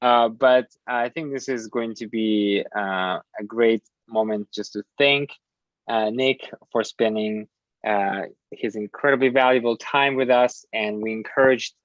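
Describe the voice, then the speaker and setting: A man hosting a casual discussion, hesitant and filling pauses with many fillers. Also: lowish voice, steady tone, dry recording. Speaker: host. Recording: dull dry lo-fi audio.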